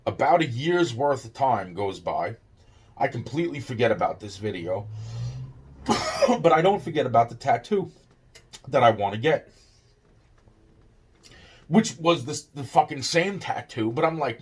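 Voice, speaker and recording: A man's voice: medium pitch, a little slow, long pauses, breathy edge. A man telling a personal story in casual speech, stammering and swearing often as he acts out the back-and-forth. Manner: stammering, profane, animated.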